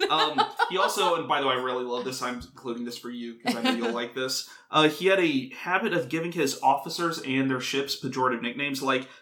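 A man's voice: mid-range voice, a little fast, few pauses, pushed and bright. A man hosting a casual podcast, telling a history story in a rambling, joking way and often correcting himself.

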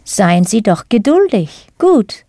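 A woman's voice: mid-range voice, sing-song, takes it slowly, warm tone, no room sound, clean studio sound. A woman teaching in a scripted audio lesson, encouraging and praising her learners as she explains. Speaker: language teacher.

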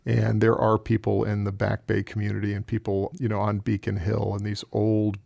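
Gravelly-voiced Southern man, chatty author. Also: on the low side, monotone, normal speed, mellow, no room sound. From American South. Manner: rambling, chatty storyteller with many fillers. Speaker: crime novelist. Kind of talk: radio interview answers.

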